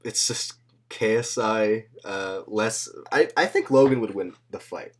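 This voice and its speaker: A man's voice: fairly low pitch, unhurried. A man hosting a podcast in loose, slangy casual chat, swearing freely and laughing often. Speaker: podcast host.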